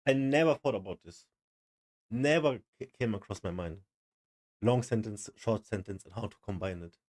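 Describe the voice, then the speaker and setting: A man reacting casually to a video, with excited interjections and swearing. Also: on the low side, normal speed.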